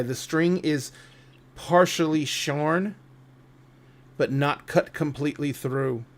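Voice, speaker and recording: A man narrating a tabletop game as game master, thoughtful and unhurried. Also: a little high. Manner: slow, thoughtful, with restarts.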